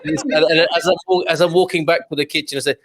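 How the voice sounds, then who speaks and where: A man's voice: on the high side, fairly even intonation, fast talker. Guy in his 40s hosting a wine club call, jokey, rambles off on tangents. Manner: chatty, joking, rambling asides. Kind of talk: casual online group chat.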